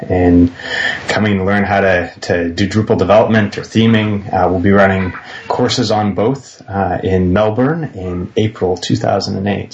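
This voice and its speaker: Low-voiced man making podcast announcements. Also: slight background noise. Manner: upbeat, many filler pauses. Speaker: podcast regular.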